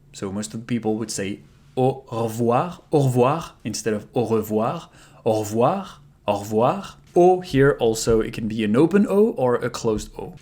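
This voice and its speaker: A man, a native French speaker, teaching a lesson on saying goodbye and repeating each word slowly to show how it sounds. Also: mid-range voice, darkish tone. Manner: slow repeated demonstrations of pronunciation. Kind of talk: language lesson.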